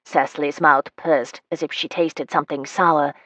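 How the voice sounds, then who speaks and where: A woman narrating a romance novel as an audiobook, giving the characters' dialogue small lifts in pitch. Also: steady tone, moderate pace, pushed and bright, no room sound.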